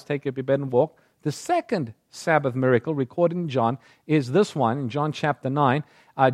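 A man's voice: a little high, a little mellow, no room sound, studio quality. A man preaching a sermon, retelling scripture stories and acting out the voices in the quotes.

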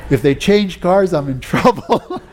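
A man's voice: high-pitched, lively intonation, measured pace, a little mellow, some chatter behind. A man preaching a sermon, telling personal stories in a folksy way with frequent restarts. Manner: folksy storytelling, many "you know"s and restarts.

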